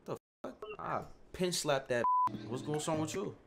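A man's voice: fairly high pitch, expressive, moderate pace, gravelly, over loud music. Brash slangy New guy, 19. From Queens, New York. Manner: brash, slangy, flirting cockily. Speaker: streamer chatting with strangers. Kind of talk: casual video-chat banter.

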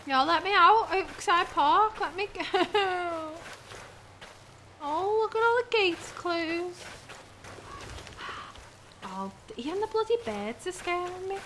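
Young woman, horror let's play host on headset; slow, lively delivery, jumpy, prone to shrieks and swearing. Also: very high-pitched, slight background noise. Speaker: gaming channel host. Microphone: gaming headset.

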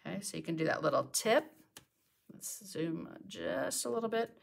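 A middle-aged woman gives a live painting tutorial from her home studio, speaking at a moderate pace in a fairly low, creaky, sing-song voice. She's talkative and keeps up a running commentary to herself while working.

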